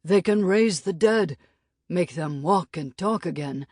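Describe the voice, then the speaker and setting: A woman doing a solemn scout with a deep, carrying voice. He speaks slowly and gravely. The audiobook sound is dry and close. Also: a little mellow, no room sound.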